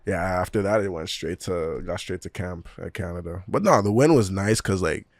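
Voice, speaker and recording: A young man with a very low voice recounts stories in a loose, laughing way, full of street slang. The sound is dry and close, with no room around it. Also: moderate pace, no echo. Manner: animated, laughing, slang-heavy storyteller. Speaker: professional footballer guest. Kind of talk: casual storytelling interview.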